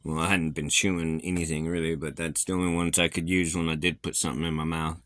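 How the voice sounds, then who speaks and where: A man's voice: rumbling low, little pitch movement, fast, fairly bright tone, dry recording. A man vlogging casually, rambling with many fillers and restarts, his speech a little slurred from a facial injury so that he sounds like he has false teeth.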